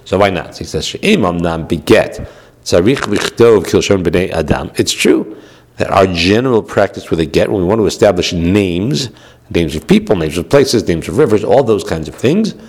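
A man with a notably low voice explains a point of Jewish law in a study lecture. He talks it through patiently, circling back and checking in with his listener as he goes. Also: big pitch swings, fairly quick, darkish tone, husky. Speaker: rabbi teaching Jewish law.

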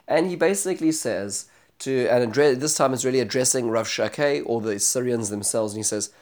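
A man giving a spoken lecture on scripture. He is animated, turns dramatic when he retells speeches, and often restarts and corrects himself. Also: medium pitch, brisk. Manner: frequent restarts and self-corrections. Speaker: Bible teacher.

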